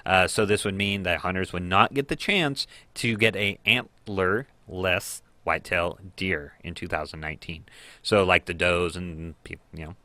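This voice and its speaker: A man's voice: deep voice, moderate pace, pushed and bright, no room sound. A man co-hosting a local radio news review, chatting casually with frequent fillers and restarts. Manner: chatty, stumbling with many fillers.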